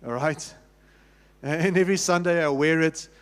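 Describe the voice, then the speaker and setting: A man's voice: fairly high pitch, moderate pace, a bit bright, smooth. A man with a South African accent preaching a sermon as pastor, talking with the congregation in an easy, conversational way, often restarting and asking them questions. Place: church sanctuary. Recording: long reverb of a church hall.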